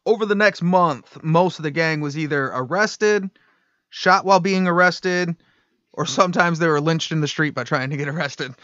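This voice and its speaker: A man's voice: fairly high pitch, moderate pace, sharp tone, no room sound, lo-fi sound. A man casually telling a crime story on a podcast, rambling, swearing and laughing at his own slips.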